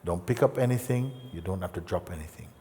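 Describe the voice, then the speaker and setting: Male spiritual teacher, low-pitched, gentle and playful, recorded in a hall with long reverb. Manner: gentle, playful, with long pauses and soft asides. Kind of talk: satsang talk.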